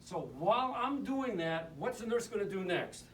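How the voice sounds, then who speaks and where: A man's voice: sits high, lively intonation, moderate pace, crowd noise. Joking male lecturer quizzing his class. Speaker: anesthesiologist teaching nurses. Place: lecture room. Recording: roomy hall, mic at a distance.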